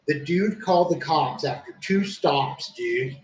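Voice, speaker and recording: A man's voice: fairly high pitch, animated, measured pace, few pauses, a little hiss or hum. A man telling a long story in casual chat, swearing constantly and saying "dude" a lot. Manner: profane, rambling, says "dude" often. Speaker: streamer. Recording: roomy, distant from the mic.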